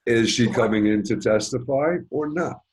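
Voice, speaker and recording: A man's voice: mid-range voice, moderate pace, a little mellow. A man co-hosting a casual political discussion, talking emphatically and dismissively, piling up points. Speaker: co-host.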